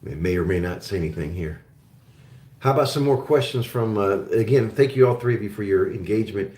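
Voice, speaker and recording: German-born guy hosting a live chat, friendly, rambly, lots of ums, lowish voice, echoey room. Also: lively intonation, a little fast, dark tone. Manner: rambling, friendly, many fillers and restarts. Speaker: show host. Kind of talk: casual live-stream chat with viewers.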